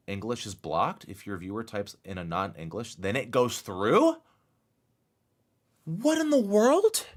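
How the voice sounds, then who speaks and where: A young man chats with his viewers during a live game stream, moving back and forth between low muttering and excited exclamations.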